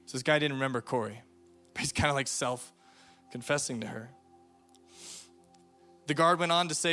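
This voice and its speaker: A man's voice: mid-range voice, normal speed, long pauses, pushed and bright, faint music behind. A man preaching to a youth camp, telling a story earnestly and reading quotations aloud. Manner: earnest storytelling, reads quotes aloud, varies volume for emphasis. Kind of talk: youth sermon.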